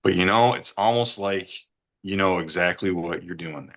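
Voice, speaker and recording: A man's voice: low voice, moderate pace, a bit bright, lo-fi sound. A middle-aged man earnestly recounting a personal experience, rambling and repeating words when he gets emotional. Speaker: retreat guest giving a testimonial.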